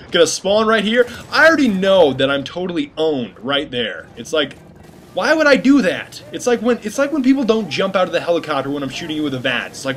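A man giving casual gameplay commentary, joking and rambling with animated asides to his viewers. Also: fairly high pitch, slight background noise.

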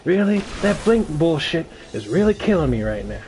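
A young man live-streaming a game in casual, excitable commentary, swearing and muttering at the action. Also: on the high side, normal speed, slight background noise.

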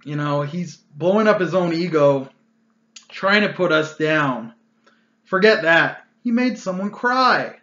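A man's voice: fairly high pitch, lively intonation, slow pace, bright, forceful tone, echoey room, dull audio. A man hosting his own channel, telling a tabletop gaming story in a casual, exasperated rant full of loose fillers.

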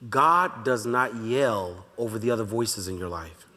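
A pastor teaching a Bible study in a relaxed, conversational way, talking straight to the congregation and slowly repeating his key lines. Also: lowish voice. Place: church sanctuary. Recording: long reverb of a large church hall.

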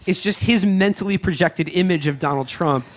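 Halting man with a higher voice. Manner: halting, with frequent restarts and stammered repeats. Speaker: podcast co-host. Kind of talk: casual chat.

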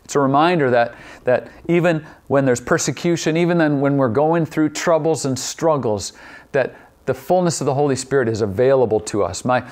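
A man preaching a sermon as pastor, repeating key phrases and asking the same question again and again, slowing down to stretch out certain words. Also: mid-range voice, darkish tone. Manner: poses repeated rhetorical questions; shifts pace, drawing some words out.

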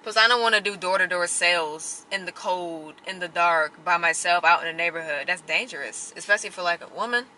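A woman's voice: on the low side, brisk, few pauses, sharp tone, slight background noise, low-quality recording. A young woman chatting expressively to her viewers in a casual vlog, talking from inside her car. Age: young adult. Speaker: vlogger. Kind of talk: casual vlog talk to camera. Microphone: handheld camera.

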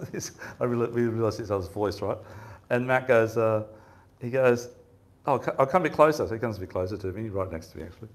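A man's voice: on the low side, a little fast, darkish tone. A man giving a fishing seminar, telling rambling stories in a casual chatty way and laughing often. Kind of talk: casual storytelling talk. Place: seminar room with audience.

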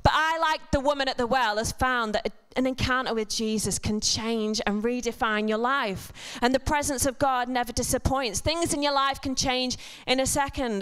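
Woman preaching in a smooth, higher voice. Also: a bit bright. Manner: chatty, self-deprecating humor with asides. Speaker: church speaker. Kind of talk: conversational sermon. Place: church service before a congregation.

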